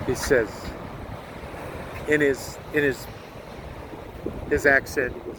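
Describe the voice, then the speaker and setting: A man's voice: medium pitch, steady tone, slow, long pauses, noisy background. An American man telling a moving story in a vlog, earnest and close to tears, swearing bluntly. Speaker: truck driver vlogger.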